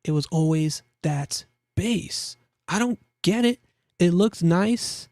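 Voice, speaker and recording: Slow and animated, a young host with a high, darkish voice jokes his way through gear market listings, chatting, repeating himself, and laughing at his own jokes. The studio-quality recording has no room sound.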